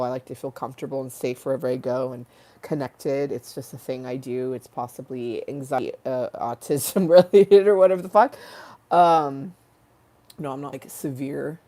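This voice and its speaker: A woman with a notably low, hoarse voice, still rough from a flu, chats casually as a livestream host. She rambles and jokes, drops curse words freely, and wanders off into one tangent after another. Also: dark tone. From United States. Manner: rambling, jokey, swears freely, goes off on tangents.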